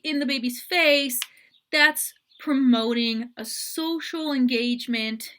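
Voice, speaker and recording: A woman's voice: a little high, bright, forceful tone. A woman parent coach explaining language ideas to parents, acting out example phrases to make her points. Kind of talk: educational explainer.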